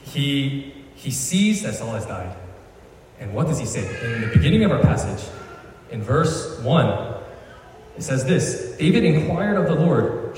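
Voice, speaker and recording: Slangy preacher in an echoey hall. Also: male voice, mid-range voice, darkish tone, recorded from a distance. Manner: chatty, slangy, storytelling with asides. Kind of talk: casual sermon.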